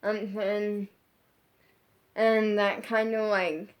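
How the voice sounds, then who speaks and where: A woman's voice: mid-range voice, flat delivery, extremely slow. Rambling woman telling a vlog story. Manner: rambling, heavy use of 'like', frequent restarts. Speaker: social media creator. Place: her bedroom.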